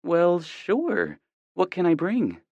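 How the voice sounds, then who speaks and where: A man's voice: high voice, big pitch swings, takes it slowly, darkish tone, no room sound, lo-fi sound, voice pushed up, heavily acted. A man reading an audiobook, voicing an anxious, caring middle-aged mother on the phone who asks question after question. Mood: worried, curious.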